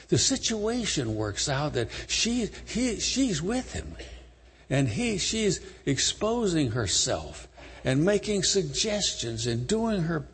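A man preaching a sermon, retelling a story dramatically, emphatic and swinging between loud and soft. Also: a little high, slightly rough. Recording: long hall reverb.

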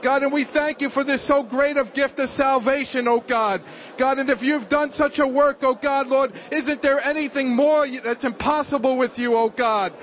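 A man's voice: very high voice, fairly even intonation, normal speed, a bit bright. A man, a church elder, leading a congregation in rhythmic spoken prayer with constant refrains. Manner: rhythmic prayer, repeating "oh God, Lord".

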